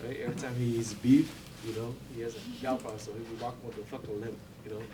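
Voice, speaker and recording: A man's voice: mid-range voice, fairly even intonation, quick pace. Young guy doing a eulogy, rambling and laughing, far off the mic, noisy room. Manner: rambling, many fillers, laughs between stories. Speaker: family member giving a eulogy. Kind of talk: informal memorial speech. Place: memorial gathering room. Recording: distant mic with clear background noise.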